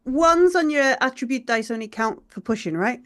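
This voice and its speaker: A woman's voice: a little high, expressive, normal speed, a bit bright. A woman playing in a tabletop game, chatting and explaining what her character does. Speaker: player. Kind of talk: tabletop role-play chat.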